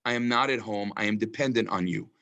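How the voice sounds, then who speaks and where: A man's voice: lowish voice, fairly even intonation, fast, pushed and bright. A man leading a text study class. He reads Hebrew verses aloud, translates them and reflects on them thoughtfully, with many ums. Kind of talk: online text study lecture.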